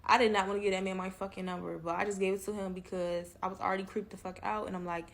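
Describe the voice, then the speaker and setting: A woman, telling a creepy dating story in a casual, animated, profane way and talking straight to her listeners. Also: mid-range voice, quick pace. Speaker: storyteller in a reaction clip.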